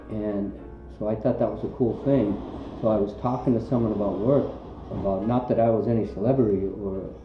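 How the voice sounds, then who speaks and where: Rambling low-voiced male volunteer. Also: steady tone, a little fast, few pauses. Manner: rambling, many fillers. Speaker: charity volunteer, interviewee. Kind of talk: casual interview answer. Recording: echoey, dull lo-fi sound, faint music.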